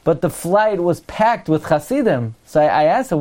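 A man, his carrying a lilt, gives a Torah class in a fairly high voice. He poses one question after another and slows down to read each verse. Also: sing-song, darkish tone. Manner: asks rhetorical questions, quotes Hebrew verses slowly. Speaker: rabbi teaching Torah.

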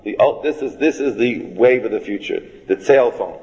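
A man's voice: mid-range voice, moderate pace, a little mellow. A man giving a Torah lecture to a live audience in a folksy, joking way, restarting phrases and mixing in Hebrew and Yiddish words. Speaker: rabbi teaching a class. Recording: dull, reverberant hall recording.

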